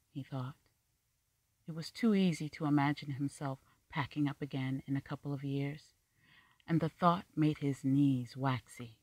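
Measured, wry story narrator, dry sound. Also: mid-range voice, a little mellow, no echo. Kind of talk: scripted fiction narration.

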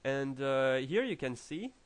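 A man with a French accent explaining programming logic in a tutorial, halting with many fillers and restarts. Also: medium pitch, very animated, clear, resonant tone. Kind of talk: screen-recorded coding tutorial.

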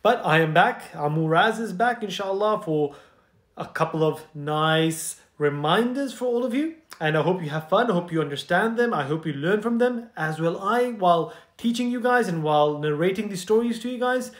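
A man hosting a children's show, narrating a bedtime story in a gentle, chatty way and asking listeners questions, in a roomy-sounding recording. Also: high voice, expressive, normal speed. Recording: roomy echo.

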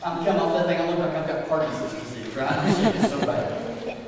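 A fairly high-voiced man preaches from a church sanctuary, and the sound carries a heavy echo with long reverb. He tells a story on himself in an animated, self-mocking way, acting out his reactions. The mic sits at some distance from him, and faint room noise hangs behind his voice. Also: fairly quick. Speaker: youth pastor. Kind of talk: sermon with personal storytelling. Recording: echoey church hall, voice picked up from a distance.

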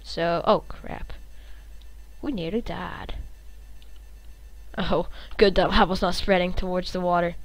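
Excitable woman doing gameplay commentary. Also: lowish voice, slow pace, long pauses, low-quality recording. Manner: excitable, reactive, curses, hums tunes. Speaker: gaming channel host.

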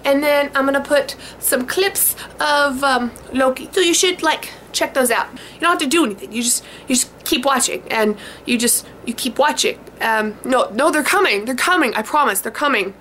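A woman chatting in a casual vlog into a camcorder, bubbly and excited, with many fillers. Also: high-pitched, moderate pace, few pauses, slight background noise. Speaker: vlogger.

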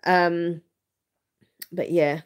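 A woman's voice: lowish voice, little pitch movement, extremely slow, smooth. A woman in her thirties chatting openly on a livestream, rambling with frequent restarts. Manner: rambling, frequent restarts and fillers, open and earnest. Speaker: vlogger hosting a livestream. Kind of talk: casual livestream chat.

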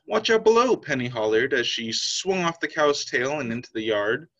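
A man's voice: medium pitch, normal speed, bright, forceful tone. A man teacher reading a children's picture book aloud, telling the story expressively. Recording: slightly dull lo-fi sound.

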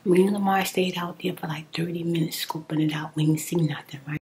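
A woman whispering a personal story in soft-spoken ASMR style while chewing gum, candid and heated. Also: fairly low pitch, steady tone, fairly quick.

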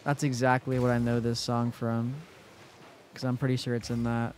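A man's voice: medium pitch, monotone, normal speed. A young man in his twenties chatting to his live-stream chat while he plays. His voice sits in the middle of the male range, with a faint noise behind it. He talks loosely and swears freely.

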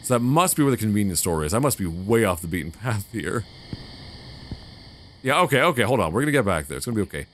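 A man's voice: on the low side, sing-song, fast, slight background noise. A man commenting on a horror video game as he plays, swearing a lot and getting easily flustered. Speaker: gamer. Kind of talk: let's play commentary.

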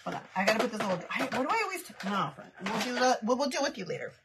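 A woman's voice: on the high side, very animated, rapid-fire, noisy background. A woman in her thirties chatting casually on a livestream as she does her makeup, answering viewer comments in a blunt, chatty way and laughing often. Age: 30s. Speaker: makeup artist livestreaming a tutorial. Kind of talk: casual livestream chat while doing makeup.

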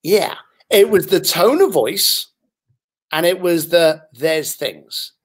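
This man, a guest on a podcast, speaks slowly in a high, husky voice. He shares anecdotes with animation, performing the voices of the other people in each story.

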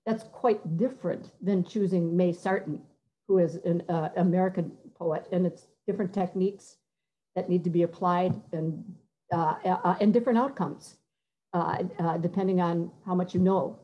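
A middle-aged woman composer giving a conversational talk, halting and searching for words, sometimes singing short phrases to demonstrate. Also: lowish voice, steady tone, lo-fi sound. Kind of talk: conversational talk with many fillers and restarts.

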